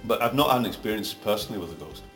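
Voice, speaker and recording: A middle-aged Glaswegian man, an actor being interviewed, rambling through anecdotes that grow animated. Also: fairly low pitch, rapid-fire. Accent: Glaswegian Scottish. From Scotland. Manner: rambling anecdotes, gets animated telling stories. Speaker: actor guest. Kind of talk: casual interview chat. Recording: roomy echo, music behind.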